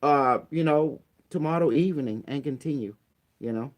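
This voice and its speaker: A man's voice: fairly high pitch, normal speed. A man with non-native grammar ranting bluntly and profanely as a channel host. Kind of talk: casual rant on a phone call.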